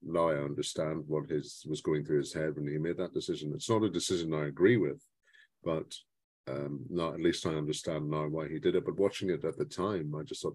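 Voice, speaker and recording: Man, podcast co-host, measured opinionated film talk, low husky voice, dry close sound. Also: fairly even intonation, darkish tone, no echo. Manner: measured, opinionated, hesitant restarts. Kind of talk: casual film discussion.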